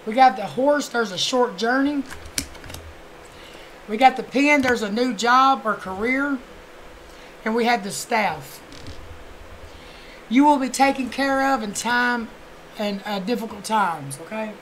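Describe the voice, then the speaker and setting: A woman's voice: medium pitch, very noisy. Chatty woman doing a tarot reading. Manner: chatty, swears casually, fillers like "you know"; murmurs softly while shuffling and chanting signs. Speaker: tarot card reader.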